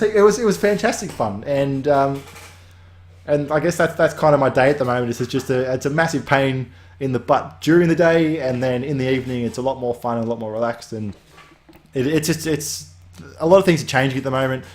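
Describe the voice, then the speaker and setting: A man with a medium-pitched voice and a brisk pace hosts a weekly game update. He talks casually and rambles, drifting off on tangents and restarting often.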